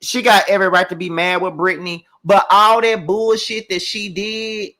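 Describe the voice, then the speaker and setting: This show recap host is a man whose pitch runs high, delivered at a moderate pace in a level, pushed, bright tone. He's tearing into a reality show, cursing freely and addressing his audience head-on.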